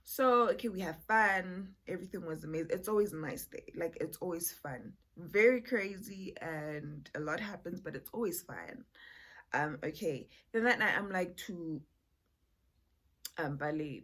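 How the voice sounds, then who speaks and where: A woman's voice: deep voice, moderate pace, fairly bright tone. Young woman, casual storytime vlog, chatty, lots of fillers, talks straight to viewers. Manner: chatty, addresses viewers as "guys", many fillers. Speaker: vlogger.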